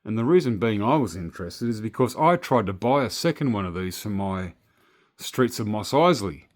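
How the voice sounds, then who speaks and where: A man's voice: fairly low pitch, expressive, moderate pace. A man with an Australian accent, chatting casually and rambling through a story as a toy collector vlogger. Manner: chatty, meandering, swears casually.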